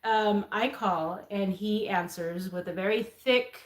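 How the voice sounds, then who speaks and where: A woman's voice: medium pitch, takes it slowly. Chatty woman telling a story. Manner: animated, acts out quoted voices, laughs often. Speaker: co-host, host's wife. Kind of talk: casual storytelling chat. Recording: roomy echo.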